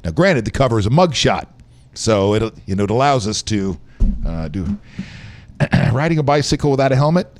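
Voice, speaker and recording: A man's voice: medium pitch, big pitch swings, moderate pace. A man hosting a live-streamed show, chatting loosely and joking with viewers. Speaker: show host. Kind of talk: casual live-stream chat.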